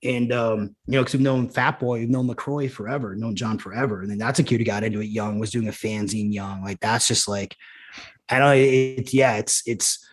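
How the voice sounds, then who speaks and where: A man's voice: medium pitch, steady tone, fairly quick. A man, a former punk musician turned showrunner, telling rambling stories in casual podcast conversation, full of "like" and restarts.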